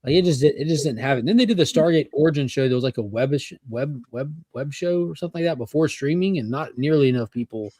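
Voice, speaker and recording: A man's voice: fairly high pitch, fast talker, few pauses, darkish tone, no room sound. A man on a pop culture panel, talking eagerly about shows he likes and joking with the host. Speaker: podcast panelist. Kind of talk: casual chat.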